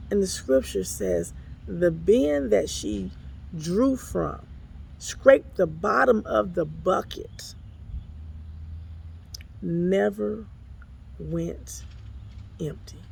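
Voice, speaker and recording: There's slight background noise as this woman, an apostle and ministry overseer, talks casually to her own phone camera outdoors beside the water behind an apartment complex. Her mid-range voice is a little mellow, with vocal fry. The devotional is folksy and exclamatory, and she addresses people as "honey" and "y'all."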